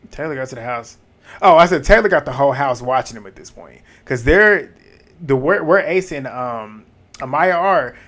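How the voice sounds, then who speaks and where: A man casually recapping a reality dating show, retelling scenes with lively quoted dialogue and blunt asides. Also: medium pitch. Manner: animated retelling with quoted back-and-forth and asides.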